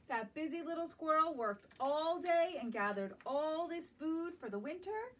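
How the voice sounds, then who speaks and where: A woman librarian reading a picture book aloud at a children's storytime, gentle and animated, stopping to ask the young listeners questions. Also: high voice, normal speed, few pauses. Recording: distant mic with faint background noise.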